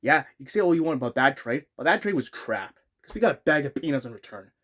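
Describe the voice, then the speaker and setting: A man's voice: mid-range voice, very animated, quick pace, a bit bright. A young man ranting as a frustrated sports fan vlogger, exasperated and repeating himself.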